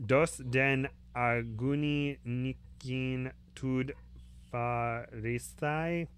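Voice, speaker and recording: A man's voice: mid-range voice, fairly even intonation, drawn-out words, clean tone. A man voicing a sly female macaw with a scratchy voice who mutters and mimics a newscaster. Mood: muttering.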